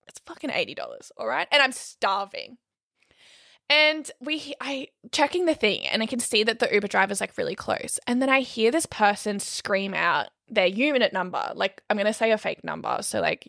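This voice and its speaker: A young woman, co-hosting a podcast and telling a story in a casual, animated way, swearing freely and saying "like" a lot. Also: on the high side, gravelly, no room sound, studio quality. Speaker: podcast co-host.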